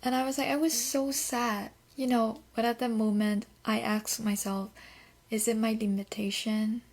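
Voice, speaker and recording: A woman's voice: on the high side, little pitch movement, normal speed. A young woman with a Korean accent hosting a solo podcast, talking candidly and reflectively with a loose, conversational flow. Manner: candid, reflective, often starts with "so". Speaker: podcast host. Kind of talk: casual solo podcast talk.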